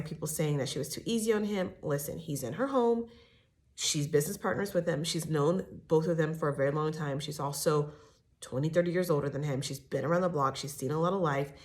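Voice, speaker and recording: A woman hosting a casual reality-TV recap, chatty and opinionated, acting out quotes in big dramatic voices. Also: sits low. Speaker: entertainment news recap host.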